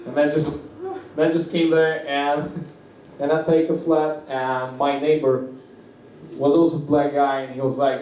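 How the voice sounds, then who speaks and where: A Russian-accented man works through a stand-up set, stumbling and restarting his phrases with little giggles in between. His fairly high voice rings through a very echoey room, picked up from some distance with a faint hiss underneath. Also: level tone, unhurried, a little mellow. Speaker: stand-up comedian. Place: comedy club open-mic stage.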